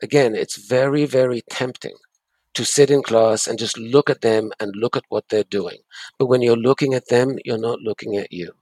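A man's voice: mid-range voice, fairly even intonation, moderate pace, darkish tone, no room sound. A man giving breakup advice in an interview, earnest and emphatic, often repeating his key points. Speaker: guest expert on breakups.

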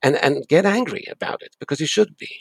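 Gravelly, emphatic man giving advice. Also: on the high side, expressive, fast, no echo. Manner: earnest, emphatic, repeats key words. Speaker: guest expert on breakups. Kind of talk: advice interview.

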